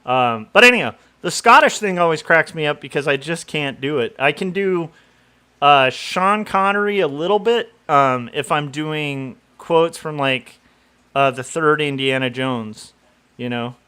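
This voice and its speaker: A man's voice: on the high side, lively intonation, a little slow, pushed and bright, smooth. A middle-aged man from Southern California chatting casually on a livestream, rambling with lots of fillers and laughing at himself. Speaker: comic artist streamer.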